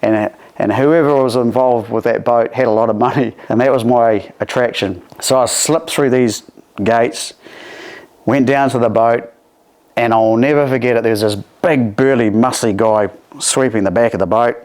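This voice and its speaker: A man with a New Zealand accent tells a story from his past in a lively, conversational way. He slips into the voices of the people in it, lifting his own voice to play them. His pitch sits in an ordinary middle range. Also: moderate pace. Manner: animated, acts out dialogue with raised voices. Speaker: guest telling his life story.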